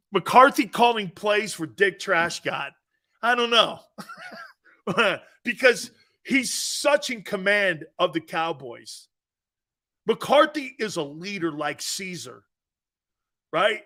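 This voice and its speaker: A man hosting a sports talk show, joking loudly and laughing often as he riffs on football. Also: high voice. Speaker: sports radio host.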